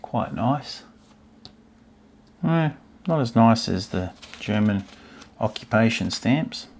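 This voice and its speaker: Taking it slowly, a stamp collecting channel host with a darkish, expressive voice on the low side chats as he browses an old album. He muses aloud and is readily charmed by what he finds, over slight background noise.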